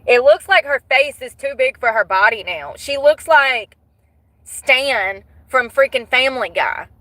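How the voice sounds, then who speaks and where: A woman vlogger chatting casually to her viewers in a gossipy, animated way, cursing freely. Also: high voice, measured pace, dry recording. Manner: animated, swears, breaks into laughter.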